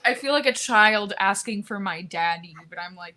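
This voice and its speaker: A woman's voice: mid-range voice, animated, moderate pace, background noise. A woman playing a tabletop game, chatting in a playful, wry way. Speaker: player. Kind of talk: casual chat during a tabletop game.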